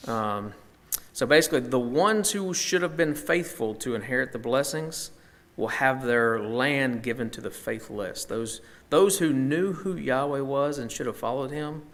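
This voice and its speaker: A man's voice: mid-range voice, moderate pace, fairly bright tone. A man leading a Bible study, teaching conversationally and thinking aloud with frequent fillers and restarts.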